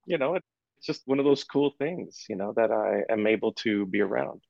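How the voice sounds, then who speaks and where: A man being interviewed as a guest percussionist, telling lively stories with lots of "you know" and casual swearing. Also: fairly low pitch, moderate pace, creaky, dry recording. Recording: dull, lo-fi, dry sound.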